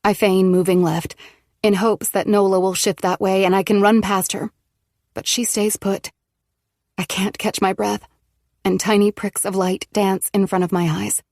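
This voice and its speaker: A woman narrating a first-person audiobook in a steady, measured way. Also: medium pitch, dry recording, studio quality.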